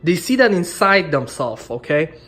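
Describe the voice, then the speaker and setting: In a casual motivational monologue to camera, an Iranian woman vlogger rambles and jokes about business, often ending lines with "okay?". She has a low voice, very animated, delivered at a moderate pace.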